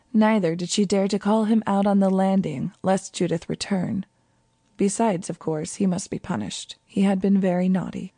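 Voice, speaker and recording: Mellow low-voiced woman narrating. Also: dry recording, clean studio sound. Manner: calm, even storytelling. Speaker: audiobook narrator. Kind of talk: scripted narration.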